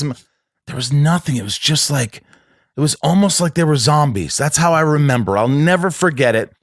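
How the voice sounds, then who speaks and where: A man's voice: mid-range voice, lively intonation, fairly quick, dry recording. A man tells a story in a loose, rambling way, stopping and restarting his sentences often. His voice sits in a middle range and sounds dry and close. The talk is a casual podcast chat. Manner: rambling, with many restarts and acted-out quotes. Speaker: podcast guest.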